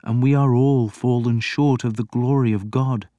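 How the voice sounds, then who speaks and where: A man voicing a coaxing older priest who speaks gently and deliberately, in an audiobook reading. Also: mid-range voice, steady tone, no echo, highs cut off, pitched above the performer's own voice, lightly acted. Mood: soothing. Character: soothing older male priest, earnest and coaxing.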